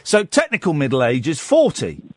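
Brief: male phone-in host, lively and high-pitched, dry studio sound. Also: moderate pace, breathy edge, no echo. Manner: animated, chatty, laughs at his own stories. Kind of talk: casual radio chat. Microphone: studio microphone.

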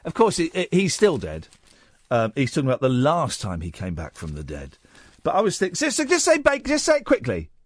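A man's voice: medium pitch, wildly swooping pitch, a little fast, no echo. A man hosting a late-night radio show in a studio, chatting in a playful, teasing, rambling way. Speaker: radio host. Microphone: studio microphone.

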